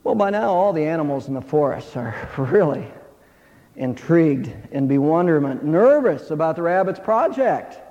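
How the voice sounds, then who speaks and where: A man's voice: a little high, expressive, normal speed, mellow. A man preaching a sermon, telling a fable in an earnest, emphatic way. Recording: dull hall reverb.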